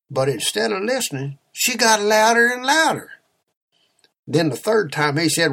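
A man's voice: sits high, very animated, moderate pace, creaky, sharp tone. A man preaching a sermon, telling a story in an emphatic, exhorting way.

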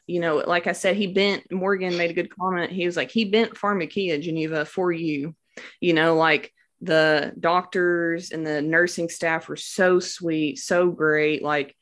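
A young woman with a somewhat low voice tells her story casually and warmly devout. She talks in a loose, chatty way, full of fillers and words of praise. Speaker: new mother sharing a birth story. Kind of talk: casual personal testimony.

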